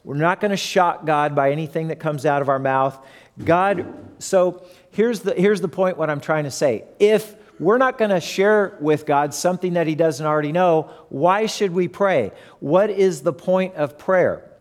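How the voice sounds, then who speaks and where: Pastor guy giving a chatty sermon, a bit high voice, big hall echo. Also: moderate pace. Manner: conversational, asks the audience questions. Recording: long hall reverb.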